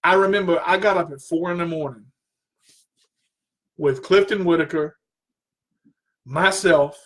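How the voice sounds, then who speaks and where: A man's voice: a little high, a little slow, fairly bright tone. A man hosting a talk radio show, telling a personal story in an earnest way, repeating himself and straining his voice when he gets worked up.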